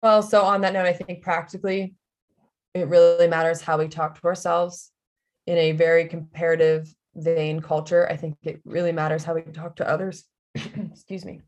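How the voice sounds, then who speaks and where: A woman's voice: lowish voice, flat delivery, moderate pace. A woman guest on a podcast, talking frankly and earnestly in casual chat.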